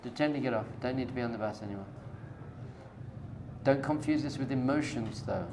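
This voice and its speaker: Male rabbi, mid pitch, casual direct lecturing style, light background hiss. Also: a little fast. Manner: conversational, direct, coaching tone with everyday analogies. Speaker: rabbi teaching a class. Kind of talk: informal spoken lecture to a live group.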